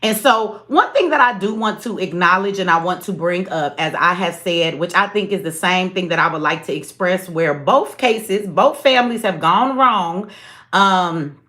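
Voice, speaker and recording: A woman's voice: on the low side, normal speed, pushed and bright. A woman hosting a casual livestream, blunt, sarcastic and profane, talking straight to her chat. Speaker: livestream host.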